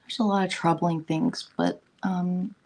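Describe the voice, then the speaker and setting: A middle-aged woman from the United States talks unhurriedly through a casual morning live stream. Her low voice is husky with a gravelly edge, and her pitch swings widely as she rambles, laughs often and greets viewers by reading their comments. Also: steady tone, unhurried, a little mellow. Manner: laughs often, chatty and rambling, reads chat aloud.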